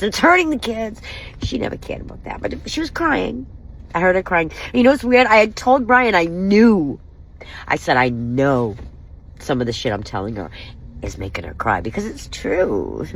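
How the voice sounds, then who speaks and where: A woman's voice: lowish voice, slightly rough, low-quality recording. A woman venting in an angry, wounded and profane way, speaking straight to the camera about personal hurt. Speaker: vlogger. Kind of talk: emotional personal vent.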